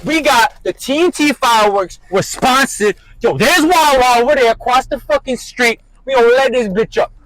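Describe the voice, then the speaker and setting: A young man vlogging outdoors in pouring rain, loud, profane and excitable. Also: very high-pitched, moderate pace, few pauses, no room sound, poor audio. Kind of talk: rowdy hype vlogging.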